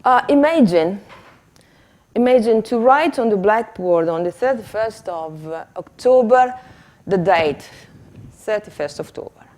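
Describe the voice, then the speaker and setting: A woman giving a teacher-training workshop, talking hesitantly with fillers and laughing at herself, on a handheld microphone. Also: medium pitch. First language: Italian. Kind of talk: workshop lesson demonstration.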